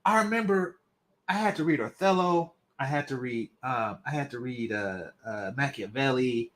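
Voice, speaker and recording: A man's voice: mid-range voice, lively intonation, moderate pace, a little hiss or hum. Sarcastic guy ranting and roasting, cusses a lot, voice jumps all over the place. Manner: mocking, sarcastic, swears freely. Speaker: commentary channel host. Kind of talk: reaction commentary.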